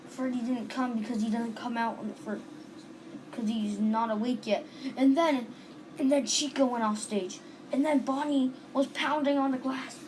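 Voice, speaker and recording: A woman's voice: fairly high pitch, fairly even intonation, moderate pace, noisy background. A woman casually retelling a dream, rambling and restarting with lots of "and then", on a home recording. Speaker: storyteller.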